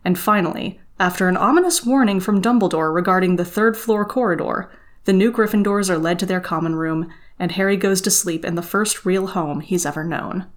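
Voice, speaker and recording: A woman co-hosting a podcast, reading a novel passage aloud and summarizing the chapter in a steady, expressive way. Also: on the low side, brisk. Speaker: podcast co-host.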